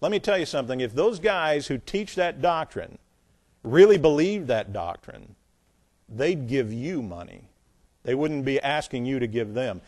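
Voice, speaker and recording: A man's voice: medium pitch, big pitch swings, unhurried, a little mellow. A man preaching a sermon. He reads scripture aloud with emphasis and drops into blunt, scornful, plain-spoken asides. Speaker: pastor.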